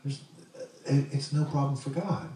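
A man's voice: medium pitch, normal speed, dark tone, very echoey, far from the mic, a little hiss or hum, rough recording. A man preaching a sermon in a conversational way, asking the congregation questions as he goes. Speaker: pastor.

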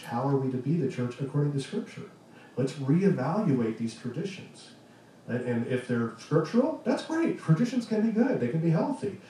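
A man preaching a conversational sermon as pastor, earnest, with pauses and restarts. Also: medium pitch, warm tone. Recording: echoey room, distant mic, faint noise.

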